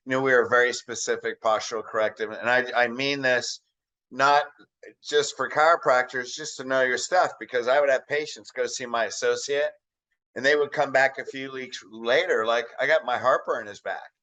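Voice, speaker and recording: A man's voice: medium pitch, fairly even intonation, normal speed, bright, forceful tone, rough recording. A man who practiced as a chiropractor, co-hosting a podcast and earnestly urging other chiropractors in casual chat.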